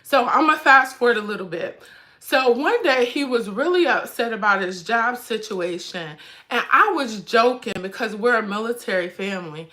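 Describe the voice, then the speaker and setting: Bright-voiced middle-aged woman fighting tears. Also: fairly high pitch, lively intonation, moderate pace. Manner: fighting back tears, chatty and direct with viewers. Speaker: livestream host and mother. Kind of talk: emotional casual livestream chat.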